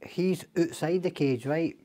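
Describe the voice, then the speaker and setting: A man's voice: a little high, a little slow, mellow. A Scottish man telling long stories as a podcast guest, rambling and swearing freely. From Scotland. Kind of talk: casual storytelling chat.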